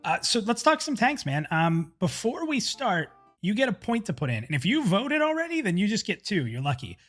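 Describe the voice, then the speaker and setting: A man's voice: high-pitched, big pitch swings, normal speed, a bit bright, soft background music. A man hosting a live community stream in casual chat, upbeat and chatty, often restarting sentences. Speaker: livestream host.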